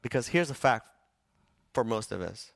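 A man preaching a sermon to his congregation, animated, asking them questions and acting out quoted voices. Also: medium pitch, normal speed, creaky, no echo, studio quality. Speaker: pastor. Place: church sanctuary.

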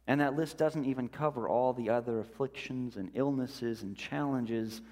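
A male pastor preaching a sermon in a slow, deliberate way, letting his voice drop softly on key words. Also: medium pitch, big-room sound.

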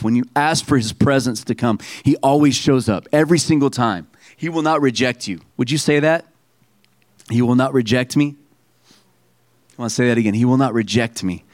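A man preaching a sermon to a congregation. He reads scripture aloud slowly and with emphasis, and calls on the listeners to repeat lines back to him. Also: mid-range voice, no echo. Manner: preaching with call-and-response to the congregation. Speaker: pastor.

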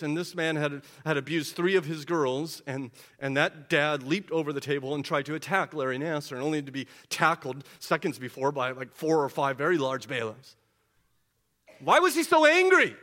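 Bright-voiced male preacher with rising peaks. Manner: rhetorical questions, rising to loud peaks then dropping low; repeats words when starting, quick asides. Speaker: pastor. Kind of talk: sermon.

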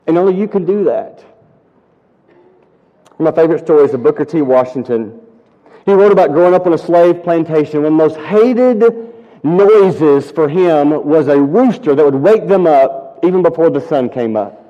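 High-voiced preacher in an echoing hall. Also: male voice, lively intonation, moderate pace. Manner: storytelling preacher, rising to emphatic peaks. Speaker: pastor. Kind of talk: sermon. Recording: muffled audio with long hall reverb.

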